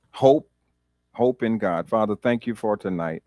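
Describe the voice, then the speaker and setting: A man's voice: on the low side, lively intonation, fairly quick, a little mellow, no room sound, studio quality. A man pastor leading a Bible study, talking conversationally, repeating words and laughing easily.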